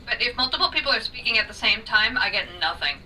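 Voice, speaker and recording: A woman playing a tabletop game remotely asks her questions carefully. Her voice is very bright and sharp and rather high, and it is heard from some way off the mic. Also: animated, quick pace, distant mic, low-quality recording. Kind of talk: casual chat at a game table.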